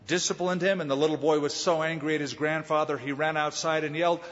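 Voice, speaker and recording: A man pastor preaching a conversational Bible teaching, with dramatic pauses and voiced quotes. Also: a little high, steady tone, a bit bright. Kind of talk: sermon. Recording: dull lo-fi sound with long hall reverb.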